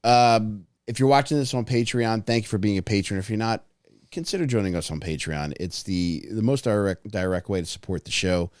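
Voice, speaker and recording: A man with a very low voice hosts a casual podcast, telling stories in a laid-back way. The recording is dry and close. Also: a little fast, clear, resonant tone, dry recording. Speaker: podcast host. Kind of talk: casual chat.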